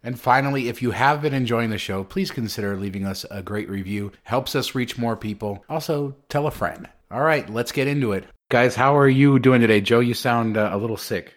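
A man's voice: mid-range voice, fairly quick, hardly any pauses. A man hosting a podcast, opening the show in an upbeat presenter manner and then chatting with his co-hosts. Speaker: podcast host. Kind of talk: podcast host intro and chat.

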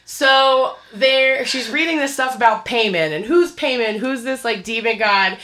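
A woman's voice: on the high side, unhurried. A woman casually recapping a horror film in chat, acting out the scenes and swearing freely. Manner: animated storyteller, acts out scenes; swears casually, says "like" often. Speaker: podcast co-host recapping a film.

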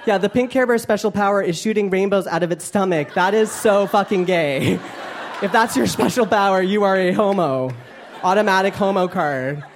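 A man's voice: high voice, normal speed, slight background noise. A young man doing a stand-up comedy set on stage, campy, playful and self-mocking. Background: audience laughter.

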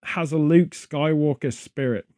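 A man's voice: fairly high pitch, measured pace, warm tone, no echo, clean studio sound. A British man hosting a podcast, rambling through casual chat full of wry, absurd jokes. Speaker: podcast host.

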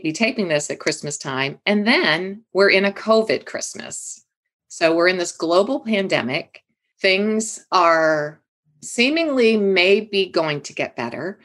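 Low-voiced woman, effusive host. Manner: warm and emotional, effusive. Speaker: therapist and podcast host. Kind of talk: interview hosting.

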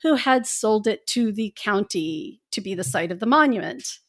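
A woman's voice: mid-range voice, expressive, normal speed, fairly bright tone. A woman co-hosting a podcast, reading news in casual chat with sarcastic asides. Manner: sarcastic, swears freely. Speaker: podcast co-host.

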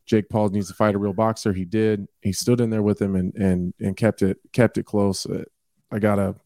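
A man's voice: on the low side, little pitch movement, moderate pace, warm tone, no echo, studio quality. A man co-hosting a casual combat-sports chat, talking loosely with stammering restarts. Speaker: podcast co-host. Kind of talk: casual fight-talk chat.

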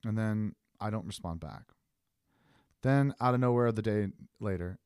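A man's voice: lowish voice, normal speed, smooth, dry recording, studio quality. A man telling a long story in casual chat, swearing and acting out the messages he got. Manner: animated storyteller, swears, acts out texts he received.

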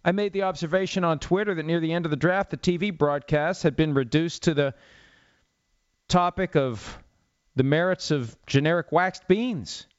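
Middle-aged guy riffing on football, wry and rambly, kinda high voice, dull lo-fi audio. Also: normal speed, clean tone. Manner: rambling, wry and sarcastic storytelling. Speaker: football talk show host. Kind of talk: casual sports commentary monologue.

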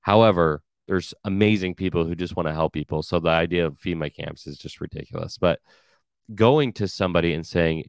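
A man's voice: deep voice, a little fast, vocal fry, smooth, no room sound. A man hosting a podcast, talking through a loose, conversational monologue full of fillers and blunt asides. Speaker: podcast host.

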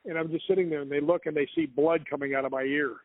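A man's voice: on the high side, fast, no room sound. A man telling long, rambling stories as a guest author in an interview, breaking into laughs. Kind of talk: storytelling in an interview. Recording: phone-like, dry line.

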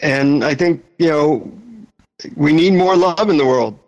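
A man who coaches people on relationships talks as an interview guest. He tells stories in a friendly, lively way. His voice sits a little high. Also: a little slow, dull audio. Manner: friendly, animated storyteller.

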